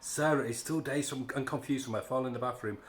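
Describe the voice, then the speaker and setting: A man's voice: medium pitch, fast talker. Sarcastic man ranting, echoey room. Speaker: comic book reviewer. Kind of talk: casual spoken review.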